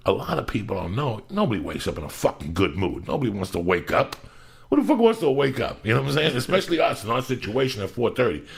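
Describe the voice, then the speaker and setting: A man in his fifties hosting a podcast, swearing freely and ranting loudly with sudden shouting bursts. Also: on the low side, big pitch swings, fast talker, vocal fry, hardly any pauses. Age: 50s. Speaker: podcast host. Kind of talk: loose profane podcast rant.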